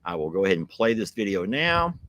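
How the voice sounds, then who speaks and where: A man's voice: fairly low pitch, big pitch swings, fairly quick. A man hosting a livestream, chatting casually and folksily with a guest. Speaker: livestream host. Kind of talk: casual live chat with a guest.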